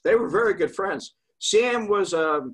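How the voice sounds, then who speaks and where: An older man, a guest, telling a long story in a casual, rambling way, with pauses and fillers. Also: sits high, breathy edge.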